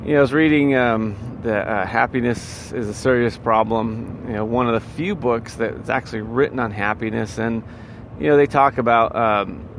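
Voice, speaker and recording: A man's voice: medium pitch, fairly even intonation, moderate pace, slight background noise. Rambling man musing about happiness. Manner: rambling, lots of fillers and restarts. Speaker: vlogger giving life advice. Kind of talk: casual motivational monologue.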